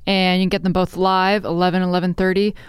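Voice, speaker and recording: A woman hosting a podcast interview, upbeat and full of quick affirmations. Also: fairly low pitch, little pitch movement, smooth, no echo, clean studio sound. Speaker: podcast host. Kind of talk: casual interview chat.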